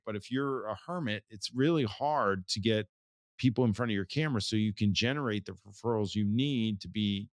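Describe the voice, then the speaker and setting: A man in his forties from the United States, speaking as an interview guest in a low voice. He talks in a loose, rambling way, circling back and restarting his sentences. The sound is dry and close to the mic. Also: no echo. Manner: rambling, with many restarts and fillers. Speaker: photographer, guest. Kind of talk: casual interview talk.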